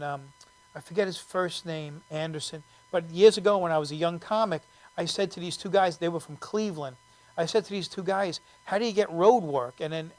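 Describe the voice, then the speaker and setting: A man guesting on a talk show, telling stories in a chatty, rambling way and fumbling for names. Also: a little high. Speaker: guest comedian. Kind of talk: interview chat.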